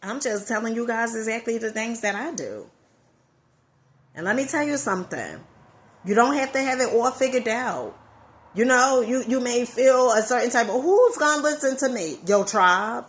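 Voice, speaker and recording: A woman's voice: on the high side, moderate pace. A woman with a Southern accent giving an emphatic motivational talk to her viewers, repeating key phrases for effect. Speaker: motivational vlogger.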